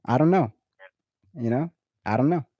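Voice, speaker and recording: A man in casual chat, telling a story in an animated way, full of swearing and repeated words. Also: medium pitch, normal speed, dry recording, dull audio. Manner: animated, profane, repeats himself. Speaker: guest in a recorded conversation. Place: lives in Florida.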